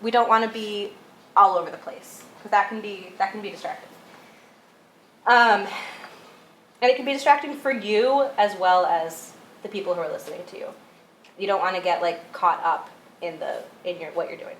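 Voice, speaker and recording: A woman's voice: mid-range voice, normal speed, pauses often, fairly bright tone. A woman casually coaching church readers, chatty with lots of "um" and "like". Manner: chatty, many "um"s and "like"s, laughs at herself. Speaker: workshop instructor for church readers. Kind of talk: casual teaching talk. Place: church hall. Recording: echoey room with light background noise.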